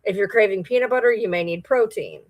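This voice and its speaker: A woman's voice: medium pitch, fast talker. Chatty woman with a Michigan accent. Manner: chatty, rambling, reads and answers viewer comments. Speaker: livestream host. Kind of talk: casual livestream chat.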